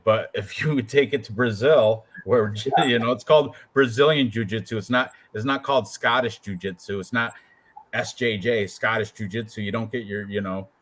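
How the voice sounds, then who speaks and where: A man co-hosting a casual show about fight predictions, joking and animated as he talks through his picks. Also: lowish voice. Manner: joking, animated, puts on quoted voices. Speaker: co-host picking fights. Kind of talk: casual chat.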